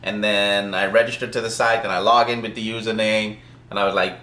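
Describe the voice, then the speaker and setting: Rambling man with a bright edge in an echoey room. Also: lowish voice, little pitch movement, brisk. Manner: rambling, with frequent fillers and chuckles. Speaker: software developer. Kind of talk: casual storytelling.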